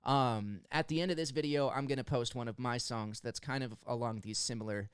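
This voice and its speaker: A man's voice: mid-range voice, clean tone, no room sound, clean studio sound. Earnest young man choking up. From United States. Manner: earnest, halting, stumbles over words. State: emotional, near tears. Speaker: music reaction host. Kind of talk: emotional song analysis.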